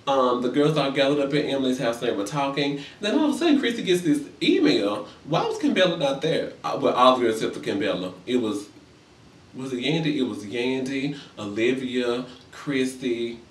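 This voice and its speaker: A man giving a casual comedic recap of reality TV, sassy and profane, acting out the quotes in high voices. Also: big pitch swings, moderate pace, far from the mic, slight background noise. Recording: roomy echo, a bit off-mic.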